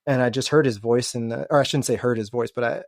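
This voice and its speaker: Male podcast host, relaxed and chatty, dry recording. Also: medium pitch, fast talker, dry recording. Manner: relaxed, many "you know" fillers. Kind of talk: casual interview chat.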